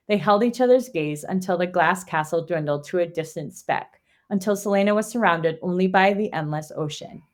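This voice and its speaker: A woman co-hosting a book club podcast, reading a plot summary and then chatting in an animated way, laughing and swearing. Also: medium pitch. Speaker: podcast co-host. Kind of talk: read summary and casual book chat.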